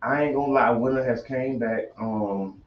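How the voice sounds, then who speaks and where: A man's voice: medium pitch, moderate pace, recorded from a distance. A man co-hosting a casual morning livestream, joking and playful, often stammering and repeating words. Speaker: morning show co-host. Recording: dull, roomy, from off the mic.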